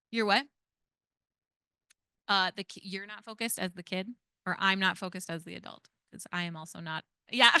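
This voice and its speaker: Brief: casual woman in her thirties running a parenting workshop, bright and forceful tone. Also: medium pitch, smooth, no echo. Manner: casual, chatty, many "like" and "right?". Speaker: parenting educator leading a training. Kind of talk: interactive workshop talk.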